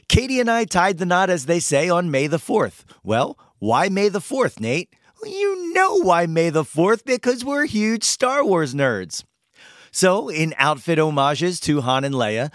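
Hoarse, playful male podcast host. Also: fairly high pitch, a bit bright, no echo, studio quality. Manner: playful, hyped-up, jokey. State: hoarse, lost his voice. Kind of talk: casual podcast monologue.

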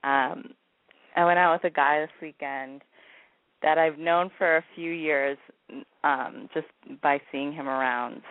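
A woman from Florida calling in to a radio show, telling her story in a chatty, unhurried way. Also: low voice, steady tone, no room sound. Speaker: caller. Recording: dry, tinny phone line.

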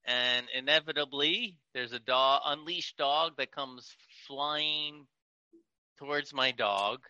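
A man's voice: mid-range voice, slow, sharp tone, no echo, highs cut off. A man, a podcast sound engineer, ranting in casual talk and mimicking screaming people. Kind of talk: casual rant.

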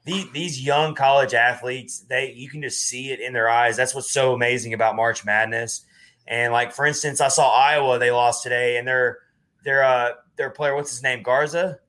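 Bright-voiced man hosting a podcast. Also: mid-range voice, moderate pace. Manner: animated, rambling with restarts. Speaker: podcast host. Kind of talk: casual chat.

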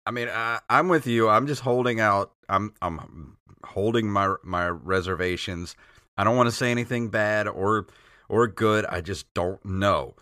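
A man's voice: fairly low pitch, sharp tone, no echo, clean studio sound. A man hosting a gaming podcast, chatting in a laid-back way with lots of fillers. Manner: laid-back, filler-heavy, drops into quick impressions. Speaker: podcast host. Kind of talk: casual chat about games and movies.

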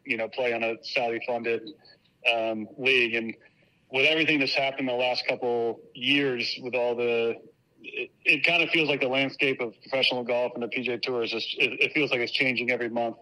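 A man from Virginia, a professional golfer, answering interview questions in a relaxed, thoughtful way with fillers. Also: mid-range voice, brisk, rough recording. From Virginia, United States.

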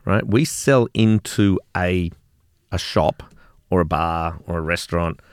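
A man's voice: deep voice, a little slow, smooth, no echo, clean studio sound. A middle-aged Australian man, a company co-founder, telling stories in a casual interview chat, repeating words and swearing now and then. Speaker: gin company co-founder, guest.

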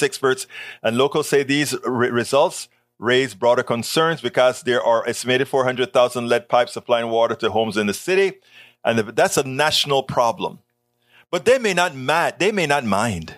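Animated male political talk host. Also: mid-range voice, no room sound. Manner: animated, sarcastic asides, repeats words. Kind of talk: live-stream commentary reading news.

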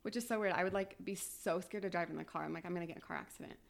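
A young woman on a podcast telling a painful personal story in a quiet, halting way, full of "like"s and sometimes near tears. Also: fairly low pitch, vocal fry. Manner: quiet, halting, tearful at times, many "like"s. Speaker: podcast guest.

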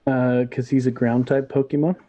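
A man's voice: medium pitch, flat delivery, moderate pace, mellow, dry recording. A man co-hosting a podcast, explaining things in a hesitant way with many fillers. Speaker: podcast co-host. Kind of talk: casual podcast chat. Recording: dull, dry sound.

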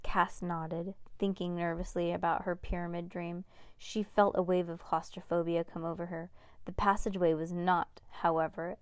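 Woman reading a children's book aloud, relaxed, dry close mic. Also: on the low side, clear, resonant tone, no echo. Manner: relaxed, with small asides and restarts.

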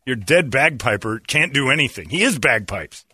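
A man hosts a radio show in loose, joking banter. He tells stories and ribs his co-hosts. His pitch rises and falls a lot, his tone is bright, and the studio sound is dry. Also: sing-song, moderate pace, slightly rough, no echo. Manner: joking, teasing storyteller.

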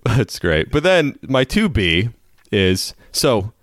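A man's voice: medium pitch, very animated, slow, no echo, studio quality. A man co-hosting a casual sports podcast, rambling through stories and laughing often. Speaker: podcast co-host.

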